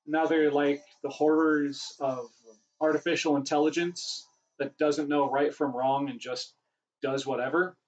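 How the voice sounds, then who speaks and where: Slightly high-voiced man rambling on a livestream. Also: fairly even intonation, a little slow, low-quality recording. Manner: rambling, self-correcting, chatty. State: voice getting worn. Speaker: livestream host answering questions. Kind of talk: casual livestream Q&A.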